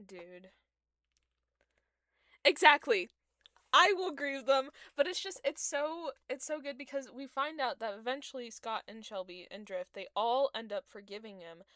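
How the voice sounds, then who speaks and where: Young woman streamer, fairly high voice, slow emotional chat while drawing, dry close sound. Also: lively intonation, pushed and bright, no room sound. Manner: emotional, gushing, swings from groans to squeals. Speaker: streamer drawing fan art.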